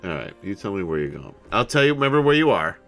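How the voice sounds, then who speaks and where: A man's voice: lowish voice, big pitch swings, quick pace, a bit bright, faint music behind. A man running a tabletop game as game master, casual, joking and often swearing.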